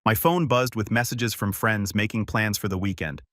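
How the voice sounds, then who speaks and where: A man calmly narrating a first-person story in an even storytelling voice, recorded close to the mic. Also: on the low side, moderate pace, dry recording.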